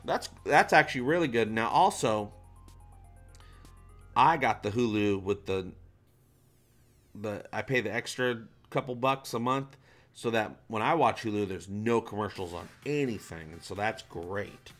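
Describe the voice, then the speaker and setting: A man hosting a casual fan livestream, reading viewer comments aloud and joking in an animated, playful way. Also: fairly low pitch, measured pace, soft background music. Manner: animated, jokey, shout-outs to viewers. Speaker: livestream host.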